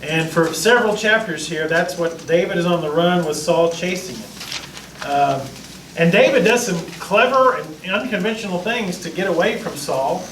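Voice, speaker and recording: This high-pitched man speaks at a normal speed, and a faint hiss or hum runs under the audio. He's a pastor leading a Bible class, joking around and playfully voicing the biblical characters. The mic is distant in an echoey room.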